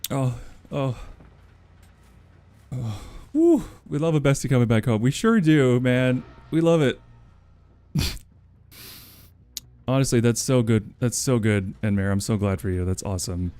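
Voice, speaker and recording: A man's voice: mid-range voice, animated, unhurried, long pauses, warm tone. A man live-streaming a game as the killer, chatting casually, giggling often and mocking himself.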